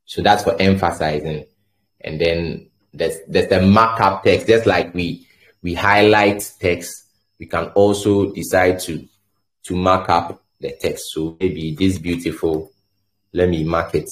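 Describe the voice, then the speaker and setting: A man with a very low voice walks through a coding lesson at an unhurried pace. He talks as he works, pausing and repeating words while he types and runs his examples. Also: steady tone. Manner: halting, repeats words, thinks aloud while typing. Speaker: coding instructor. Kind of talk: screen-share tutorial explanation.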